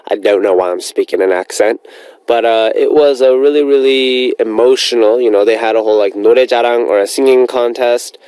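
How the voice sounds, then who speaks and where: A man's voice: mid-range voice, fast, a little mellow, clear, resonant tone, no room sound, poor audio. A man hosting a radio show, chatting in an upbeat, rambling way as he reads out listener messages.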